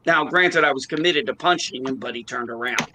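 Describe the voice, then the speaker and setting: A man's voice: medium pitch, a little fast, a little hiss or hum. A man in a casual chat, telling blunt stories and swearing freely. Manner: blunt, animated storyteller who swears freely. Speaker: podcast co-host.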